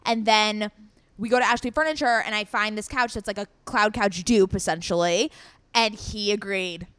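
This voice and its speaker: A woman's voice: medium pitch, normal speed, smooth, no room sound. A young woman co-hosting a podcast in casual chat, telling stories with lots of laughs and casual swearing. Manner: animated storyteller, laughs often, swears casually. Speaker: podcast co-host.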